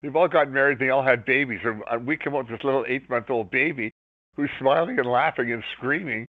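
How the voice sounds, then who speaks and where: A man's voice: medium pitch, brisk, no room sound. An older man from Canada, a rock musician telling rambling, enthusiastic anecdotes as an interview guest. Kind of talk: casual storytelling interview. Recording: tinny phone line.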